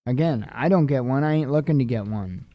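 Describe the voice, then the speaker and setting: A man's voice: mid-range voice, animated, brisk, no echo, muffled recording. A tired man reading news headlines aloud and adding offhand casual comments. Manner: tired, yawning, offhand asides.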